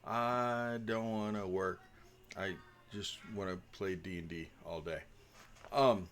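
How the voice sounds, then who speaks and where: A man's voice: on the low side, a bit bright, slight background noise. A man talking casually as dungeon master before a tabletop game, rambling and joking with lots of ums.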